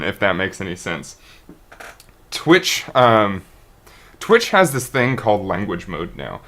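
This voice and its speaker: A man's voice: on the low side, fairly bright tone. A man, a streamer, talking unscripted to his viewers in a rambling, earnest way, often restarting and tripping over his words. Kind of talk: unscripted monologue to camera.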